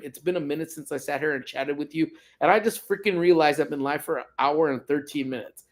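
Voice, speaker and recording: A man hosting a casual livestream from home, reading viewer comments and rambling along with jokes and teasing. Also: a little high. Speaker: livestream host.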